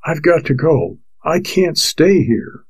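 A man's voice: a little high, sing-song, slow pace, breathy edge, pitched above the performer's own voice, full character voice. A man reading a novel aloud, voicing a stubborn frontier wife with a harsh, defiant tone. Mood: low, urgent. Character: hard, stubborn frontier wife, young woman. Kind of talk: audiobook character voice.

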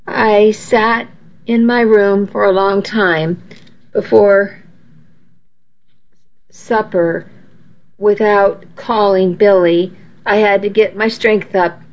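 A woman's voice: mid-range voice, fairly even intonation, slow, pauses often. A woman narrating a first-person story in an earnest, storytelling way, on a dull lo-fi recording. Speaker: audiobook narrator.

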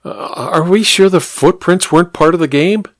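A man voicing a defensive, sharp-tongued young housemaid in a dry storybook reading. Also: sits high, moderate pace, no echo, pitched above the performer's own voice. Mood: uncertain.

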